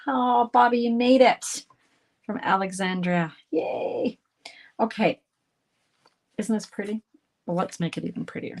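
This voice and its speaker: A woman hosting a live card-making demonstration. She chats brightly with viewers and greets them by name while she works. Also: mid-range voice, gravelly, a little hiss or hum. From Canada. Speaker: craft instructor hosting a live stream.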